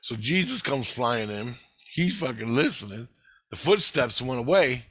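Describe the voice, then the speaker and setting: Brief: excitable, foul-mouthed man vlogging, crisp forceful tone, dry close sound. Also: medium pitch, unhurried, no room sound. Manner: profane, rambling, excitable. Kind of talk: casual storytelling.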